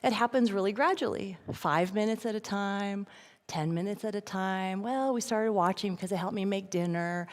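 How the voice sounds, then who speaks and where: A middle-aged woman gives an animated talk to parents at a church event and acts out the voices in her quotes. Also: medium pitch, normal speed. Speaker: guest speaker at a church event. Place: large church hall. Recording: long reverb from a church hall.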